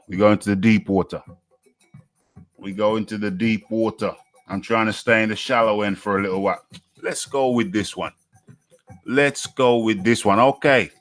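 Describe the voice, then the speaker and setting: A man's voice: fairly low pitch, fairly bright tone, no echo. Chatty man hosting a live stream. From United Kingdom. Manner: repeats his phrases, chatty and upbeat. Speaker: host of a live boxing talk show. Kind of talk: live-stream chat, reading viewer comments aloud.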